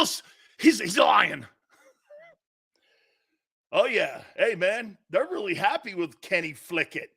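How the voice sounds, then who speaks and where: A man hosting a rowdy sports talk show, shouting and taunting as he mocks. His voice sits high and swings widely in pitch, with a gravelly edge. He drags out his words at a slow pace, and his tone is bright. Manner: shouting, taunting, laughing, wildly excitable. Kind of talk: loud mocking sports talk.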